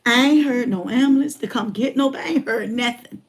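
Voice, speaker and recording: A woman in her forties with a somewhat high voice tells a personal story with comic flair. She speaks colloquially and keeps repeating phrases to hammer her point home. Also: brisk. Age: 40s. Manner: animated, repeats herself for emphasis, colloquial. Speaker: motivational speaker.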